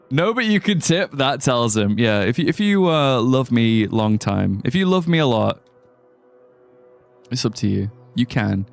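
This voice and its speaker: Over faint music, a man live-streams a game and chats casually with viewers, rambling, joking and laughing often. His medium-pitched voice is expressive, unhurried and creaky.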